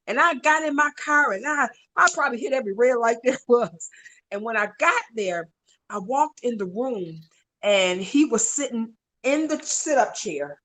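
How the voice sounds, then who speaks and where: Middle-aged woman caregiver, higher voice, emotional, animated interview storytelling. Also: normal speed. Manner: animated, voice jumps high when reliving moments. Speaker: stroke survivor's wife and caregiver.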